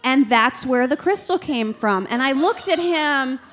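A woman's voice: high voice, lively intonation, a little slow, a bit bright. A young adult woman doing stand-up comedy, telling a candid, rambling and self-deprecating story.

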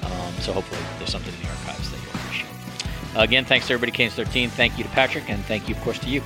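A man's voice: lowish voice, very fast, over music. A man hosting a podcast in casual chat, joking and self-deprecating with frequent restarts. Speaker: podcast host.

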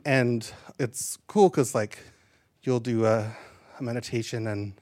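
A man's voice: mid-range voice, steady tone, measured pace, darkish tone, no room sound. A man doing a stand-up comedy set on a live stage into a handheld mic, chatty and self-deprecating with lots of asides.

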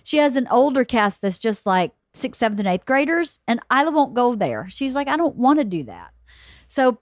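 Chatty mom host, bouncy high voice, laughs a lot, dry mic. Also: female voice, expressive, moderate pace, no echo. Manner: chatty storyteller, laughs often. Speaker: podcast host. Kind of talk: casual chat.

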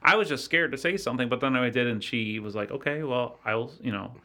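A man guest on a podcast telling a personal story in a halting, earnest way, with many restarts. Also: medium pitch, bright, forceful tone. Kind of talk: casual storytelling.

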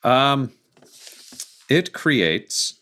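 A man's voice: mid-range voice, sing-song, very slow, pushed and bright. A man playing a tabletop game, chatting casually and explaining his character's moves. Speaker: player.

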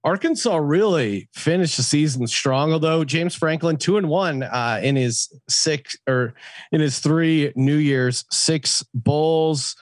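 A man with a fairly high voice hosts a casual betting podcast, reading off spreads and totals before tossing the question to a co-host. The sound is close and dry, with no room around it. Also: takes it slowly, dry recording. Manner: reads lines and odds, throws questions to co-hosts. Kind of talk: casual sports betting talk.

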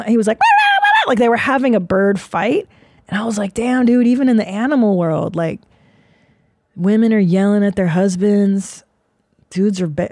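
A woman's voice: medium pitch, creaky, a little mellow, dry recording, studio quality. A woman in her forties hosting a podcast, talking in a loose, profane, rambling and self-mocking way. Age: 40s. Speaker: podcast host. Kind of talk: casual solo monologue.

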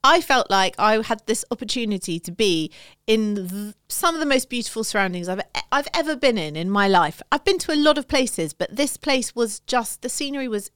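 A woman's voice: a little high, expressive, a little fast, fairly bright tone, smooth, no echo, studio quality. A woman co-hosting a casual chat podcast, telling stories in a wry, teasing way. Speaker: podcast co-host.

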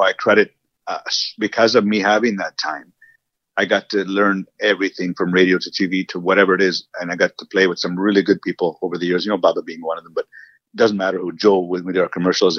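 A man's voice: low voice, dry recording, highs cut off. A man, a restaurant owner, telling rambling stories with lots of asides as a guest in a casual interview. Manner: rambling, animated storyteller, many asides.

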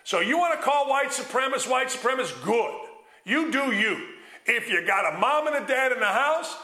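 A man hosting a sports talk show, ranting bluntly and loudly. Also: extremely high pitch, animated, normal speed, roomy sound. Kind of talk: fired-up sports radio rant.

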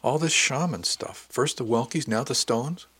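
A man's voice: mid-range voice, normal speed, fairly bright tone, husky, no echo, voice pushed up. A man doing a blunt, skeptical young spacer.

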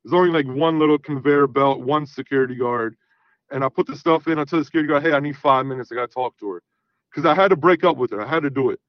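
This talk-show caller, a man in his thirties, talks fast in a mid-range voice while telling a profane story casually and performing the dialogue in an animated way. There's no room sound, and the highs are cut off.

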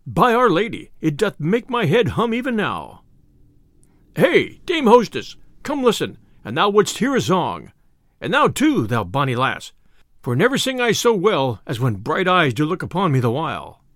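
A man voicing a boisterous, hot-tempered male tinker who talks loudly in old-fashioned speech. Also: on the high side, wildly swooping pitch, moderate pace, no echo, studio quality. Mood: merry.

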